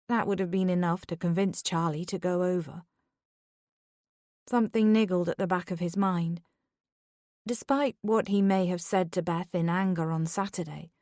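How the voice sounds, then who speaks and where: A woman reading a thriller audiobook in a calm, measured narration. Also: lowish voice, dry recording, clean studio sound.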